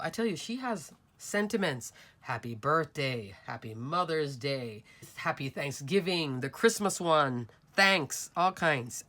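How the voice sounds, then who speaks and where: A woman's voice: lowish voice, fairly bright tone. A woman hosting a card-making channel, walking viewers through her projects in a chatty, upbeat way. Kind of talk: casual crafting show-and-tell.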